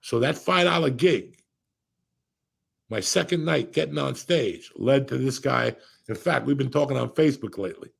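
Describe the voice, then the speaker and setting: A man telling stories in a casual chat, profane and rambling, with a gravelly, raspy voice. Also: medium pitch, moderate pace. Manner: profane, storytelling. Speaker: podcast host.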